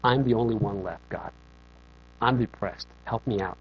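A man voicing a despairing old male prophet in a deliberately silly, high, strained and overwrought voice, on a dull lo-fi recording. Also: natural voice. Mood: despondent.

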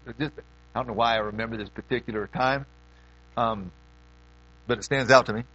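A middle-aged man preaching a sermon in a folksy way, swinging between loud questions and hushed asides. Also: medium pitch, steady tone, fairly quick, highs cut off.

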